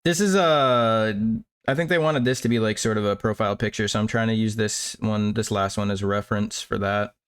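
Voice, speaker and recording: A man's voice: lowish voice, fairly quick, clean tone. A man streaming while he draws, chatting casually, rambling and chuckling as he searches for words. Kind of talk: casual chat while drawing.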